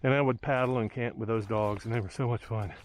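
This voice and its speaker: A medium-pitched, steady voice moves quickly here, with a little hiss or hum in the audio. The speaker is a hiker vlogger filming his way through woods by a lake, offering casual commentary full of fillers as he thinks aloud.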